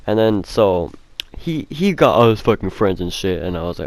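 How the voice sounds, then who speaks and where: A man's voice: on the low side, expressive, a little fast, darkish tone. A young man telling a casual storytime, rambling with fillers and heavy swearing. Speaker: vlogger.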